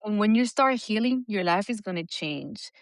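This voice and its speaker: A woman co-hosting a podcast, talking candidly and with lots of swearing, lively when she mimics other people. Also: mid-range voice, moderate pace, no echo, clean studio sound. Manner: candid, profane, animated when quoting others. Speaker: podcast co-host. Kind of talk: casual podcast chat.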